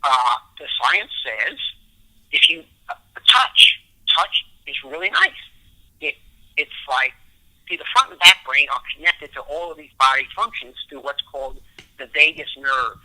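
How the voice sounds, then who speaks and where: A relationship expert, guesting on a podcast interview, explains brain science using everyday stories from his own life. His voice is on the high side, animated yet a little slow, bright and forceful, on a low-quality recording.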